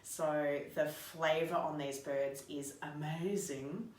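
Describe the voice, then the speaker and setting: A woman's voice: deep voice, steady tone, slow pace, a little mellow. A woman in her thirties from Australia, chatting upbeat to viewers in a casual video diary. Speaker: vlogger.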